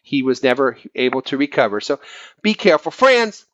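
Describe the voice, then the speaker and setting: A man's voice: medium pitch, very animated, fairly quick, fairly bright tone, no room sound, dull audio. A man voicing a self-appointed preacher who blesses his friends while slyly insulting them, in a sing-song preachy manner. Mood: confiding. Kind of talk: comic preacher impression on a fan podcast.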